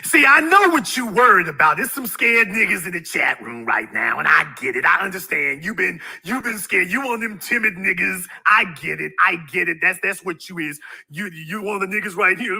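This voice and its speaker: Preachy, bright-voiced male commentator. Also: sits high, lively intonation, fairly quick, creaky, hardly any pauses, husky. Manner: preachy, fires rhetorical questions at viewers. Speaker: YouTube commentator. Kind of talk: ranting commentary monologue.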